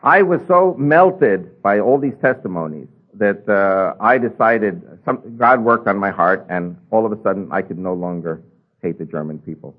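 Husky man telling a testimony over radio. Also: fairly low pitch, normal speed. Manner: animated storytelling with rises and drops. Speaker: speaker giving a testimony. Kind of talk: personal testimony talk. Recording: tinny phone-like radio broadcast.

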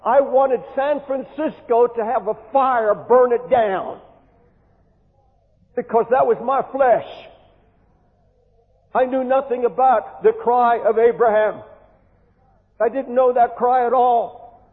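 High-voiced man preaching, echoey tinny tape. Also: takes it slowly, long pauses. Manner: impassioned, repeats words when pleading. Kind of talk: fervent sermon. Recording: tinny hall recording with long echo.

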